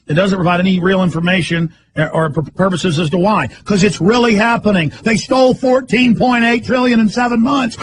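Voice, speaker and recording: A man hosting a radio show, delivering a fiery ranting monologue with shouting and growling outbursts. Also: high-pitched, fairly even intonation, moderate pace, hardly any pauses, a little hiss or hum. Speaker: radio host.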